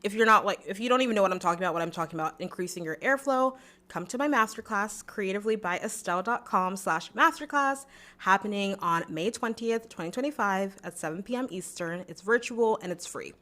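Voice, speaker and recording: A woman's voice: mid-range voice, lively intonation, brisk, sharp tone. A young adult woman vocal coach teaching a singing lesson in a chatty, encouraging way, breaking into short sung demo notes.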